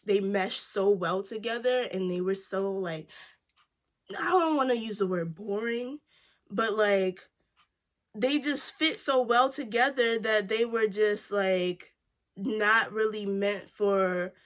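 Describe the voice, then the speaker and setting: A woman vlogger chats casually in reaction to a TV show, filling every pause with "like." She's lively and her pitch jumps up whenever she reacts.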